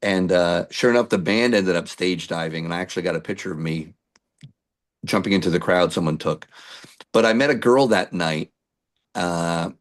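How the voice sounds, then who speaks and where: A middle-aged male musician telling lively stories in an interview, acting out what people said to him. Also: low-pitched, moderate pace. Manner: animated anecdotes with acted-out quotes. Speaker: musician guest. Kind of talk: storytelling interview.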